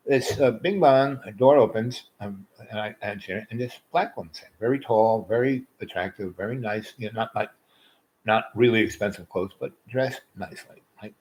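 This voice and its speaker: A man's voice: fairly low pitch, moderate pace, darkish tone, low-quality recording. A man telling a rambling personal story, loose and full of fillers and asides.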